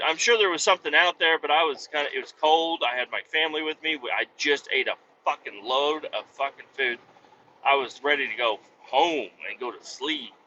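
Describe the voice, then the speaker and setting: A man's voice: on the high side, bright, forceful tone. A man hosting a podcast, telling a story in casual, profane, rambling comedic style. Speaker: podcast host. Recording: dull lo-fi with faint noise.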